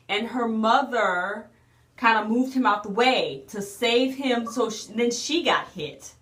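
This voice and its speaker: A woman's voice: on the high side, fairly bright tone, roomy sound. A woman casually recapping a drama episode, chatty and emotional with lots of fillers and restarts. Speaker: drama reviewer.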